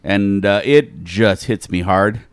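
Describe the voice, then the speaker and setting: A man with an ordinary pitch tells a rambling bar story full of restarts and fillers. The recording is dry and close. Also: slow, clean tone, dry recording. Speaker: podcast co-host. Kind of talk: casual anecdote telling.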